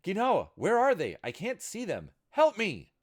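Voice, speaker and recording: A man voicing a proud, loyal young woman samurai who commands with a booming voice. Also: sing-song, brisk, a bit bright, heavily acted. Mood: panicked. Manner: commanding, booming when angry.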